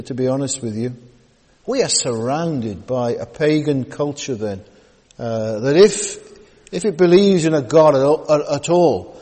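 A man preaching a sermon, halting with many fillers and repeated words, with folksy asides. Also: mid-range voice, a little mellow. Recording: long hall reverb.

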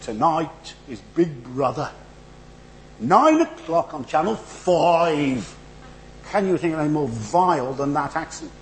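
A middle-aged man with a northern English accent preaches in church, his fairly high voice swooping animatedly. He keeps a conversational, wry tone with asides. Then he builds to emphatic, rhythmic runs, and a faint hum sits behind him. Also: a little slow, rough recording. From northern England. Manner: animated, rising to emphatic rhetorical build-ups. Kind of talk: sermon.

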